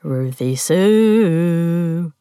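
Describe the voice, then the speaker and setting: Woman voicing a gruff, menacing backwoodsman; low, slow, sneering croon. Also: expressive, warm tone, dry recording, studio quality, exaggerated voice. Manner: low, mean, then sweetly crooning. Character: mean rough backwoods man, captor.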